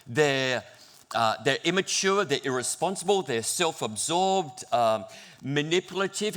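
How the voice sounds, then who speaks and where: A middle-aged man, a pastor preaching a sermon in church, telling stories in an animated, self-deprecating way. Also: fairly high pitch.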